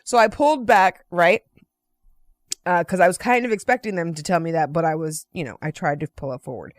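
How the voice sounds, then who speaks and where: A woman vlogger telling a casual anecdote in an animated, chatty way, often checking in with "right?" and "you know.". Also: fairly low pitch, a little fast, dry recording, clean studio sound. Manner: playfully profane.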